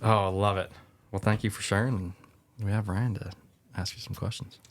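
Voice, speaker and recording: A man hosting a podcast, reacting briefly and relaxed in casual chat. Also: lowish voice, fairly quick, a little hiss or hum. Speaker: podcast host.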